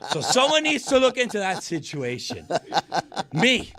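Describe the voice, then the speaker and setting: A brash, boastful character who shouts and rants in a high, very lively voice, put on by a man. The delivery is loud and indignant, a comic bit on a sports talk show. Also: measured pace, full character voice. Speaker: recurring character.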